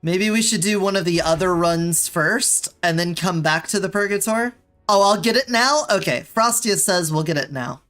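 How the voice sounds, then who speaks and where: A woman's voice: fairly low pitch, normal speed, fairly bright tone, faint music behind. A woman streaming a video game, chatting casually with viewers and pleading in exasperation with the game. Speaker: VTuber streamer. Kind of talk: casual gameplay streaming chat.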